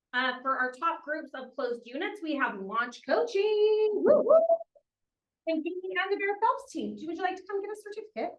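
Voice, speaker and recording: Upbeat high-voiced woman announcing awards. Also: a bit bright, poor audio. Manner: upbeat, cheers names with quick whoops. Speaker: meeting host announcing awards. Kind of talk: reading out award announcements at a team meeting.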